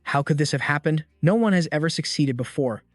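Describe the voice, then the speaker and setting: A man reading a scripted story recap in a steady read-aloud way, barely changing his voice for the characters' lines. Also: fairly high pitch, fairly quick, no echo, clean studio sound, faint music behind. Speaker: recap narrator.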